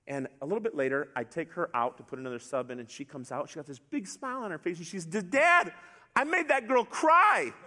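A middle-aged man preaching a sermon to a congregation, storytelling in a relaxed, conversational way with asides. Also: a little high, fast talker, hardly any pauses. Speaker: pastor. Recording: long hall reverb.

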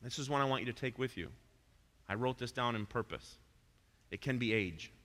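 A man preaching a sermon as pastor, swinging between loud emphatic points and soft asides. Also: mid-range voice, a little fast. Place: church sanctuary. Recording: long reverb of a church hall.

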